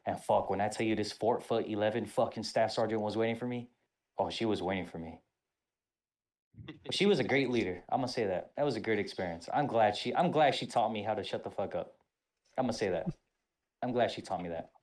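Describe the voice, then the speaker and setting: A man co-hosting a podcast, telling an animated, profane story in casual talk. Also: fairly low pitch, brisk. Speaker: podcast co-host.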